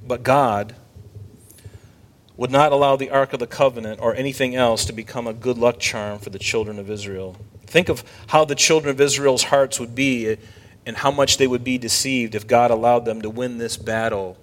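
A man preaching a sermon from the pulpit, his voice sitting at a medium pitch. He talks emphatically and keeps throwing rhetorical questions at his congregation. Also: normal speed. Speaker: pastor.

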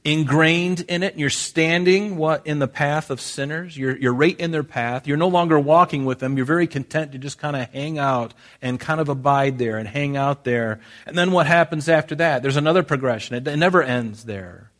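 A man's voice: on the high side, moderate pace, hardly any pauses, fairly bright tone. Man preaching a conversational sermon. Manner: conversational preaching with frequent restarts. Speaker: pastor.

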